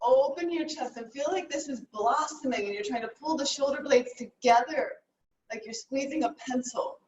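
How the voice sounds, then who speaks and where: A woman teaching a live yoga class, cueing poses in a brisk, upbeat way and a little out of breath. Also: sits high, muffled recording, background noise. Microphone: camera mic at a distance. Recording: echoey room, from far off.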